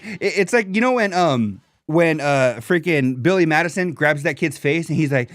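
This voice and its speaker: A young man co-hosting a casual comedy podcast, animated and swearing, slipping into mocking voices of others. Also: high-pitched, normal speed, no room sound, clean studio sound. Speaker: podcast co-host.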